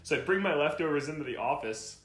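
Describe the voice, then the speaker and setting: A man's voice: on the high side, lively intonation, fast, reverberant. A man co-hosting a podcast in casual chat, rambling through stories and laughing often. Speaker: podcast co-host. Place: home during a power outage.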